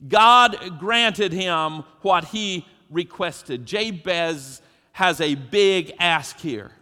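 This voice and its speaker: A man's voice: high-pitched, bright, forceful tone. A man preaching a sermon as pastor, emphatic and preacherly, putting questions to his congregation. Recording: long hall reverb.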